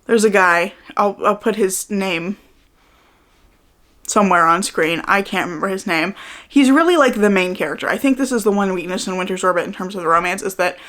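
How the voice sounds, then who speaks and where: A woman's voice: medium pitch, a little fast, a bit bright. A woman giving casual book recommendations in a chatty way, often hedging with "like" and "I think". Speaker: book reviewer.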